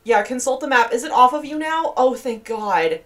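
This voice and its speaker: A woman's voice: sits high, animated, moderate pace. A young woman giving casual gameplay commentary, chatty, gasping and squealing in disgust. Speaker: gaming video creator.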